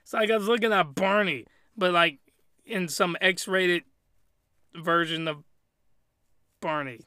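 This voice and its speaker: A man's voice: sits high, slow pace, sharp tone, clean tone, no room sound, studio quality. A man giving a crude, rambling and exasperated comedic recap of an anime. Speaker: anime reviewer.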